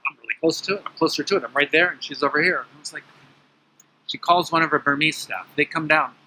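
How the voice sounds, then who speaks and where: Bright-voiced man telling an animated story. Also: a little high, quick pace, a little hiss or hum, low-quality recording. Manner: animated, acts out quoted dialogue. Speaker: interview guest. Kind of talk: conversational storytelling. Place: outdoor terrace at his home.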